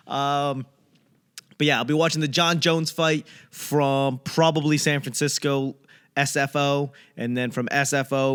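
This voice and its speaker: A young man hosting his own comedy podcast, rambling through a casual monologue and acting out other people in quick bits. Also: medium pitch, level tone, a bit bright, smooth. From United States. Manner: acts out voices in quick bits.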